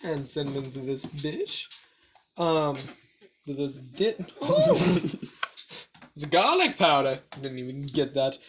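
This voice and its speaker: A woman's voice: extremely low pitch, expressive, unhurried, noisy background. A young woman hosting a home cooking video, rambling, joking at her own expense and swearing freely. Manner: rambling, self-mocking and profane. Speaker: home cooking show host. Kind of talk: joking casual cooking vlog. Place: home kitchen. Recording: kitchen clatter of dishes and cutlery.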